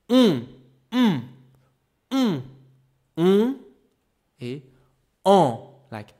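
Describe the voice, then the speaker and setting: A man's voice: medium pitch, very animated, slow, long pauses. A man teaching pronunciation, patiently exaggerating each sound for the learner. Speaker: language teacher. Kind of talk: pronunciation lesson.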